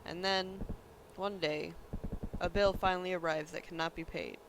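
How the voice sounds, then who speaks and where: A man's voice: high-pitched, fairly even intonation, moderate pace, noisy background. A man reading the lines of a scornful male talk-show pundit who lectures in a sneering way.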